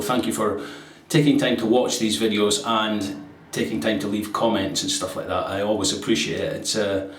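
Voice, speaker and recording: A man hosting a shaving video, chatting casually to the camera and laughing at his own jokes. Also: on the low side. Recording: roomy sound from a distance.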